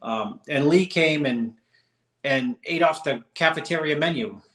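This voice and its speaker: A man's voice: a little high, a little slow, fairly bright tone. Rambling male podcast co-host, roomy sound. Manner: rambling, with frequent restarts and fillers. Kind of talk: casual chat, storytelling.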